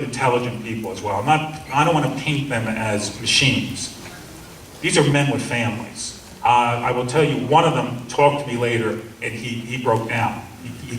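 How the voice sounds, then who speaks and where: A man's voice: mid-range voice, a bit bright. A middle-aged man giving a seminar talk, telling a story in an earnest way and acting out the officers he quotes. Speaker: seminar speaker. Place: seminar room. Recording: roomy, distant mic, faint hum.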